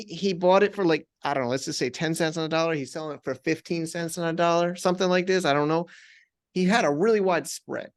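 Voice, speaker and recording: Man telling a story in halting bursts. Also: fairly high pitch. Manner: halting, many restarts, animated retelling. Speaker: podcast guest. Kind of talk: conversational storytelling.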